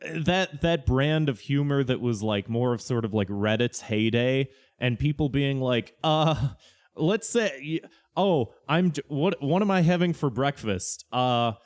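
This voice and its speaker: A man's voice: medium pitch, lively intonation, a little slow. A man co-hosting a comedy podcast, chatting casually and ranting with mock-condescending asides. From Chicago area. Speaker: podcast co-host.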